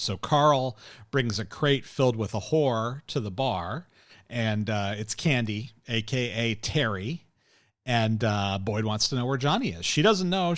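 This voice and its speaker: A man's voice: mid-range voice, a bit bright, dry recording, studio quality. A man co-hosting a podcast, recapping a TV episode in casual chat, rambling and opinionated with lots of fillers and chuckles. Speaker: podcast co-host.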